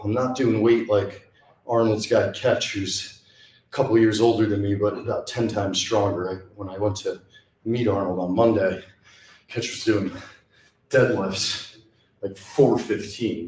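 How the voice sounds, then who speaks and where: A man's voice: on the low side, fairly even intonation, measured pace, a little mellow, reverberant. A young man chatting casually while working out in a small gym, sighing and out of breath between exercises. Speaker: fitness vlogger. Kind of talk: casual talk during a workout.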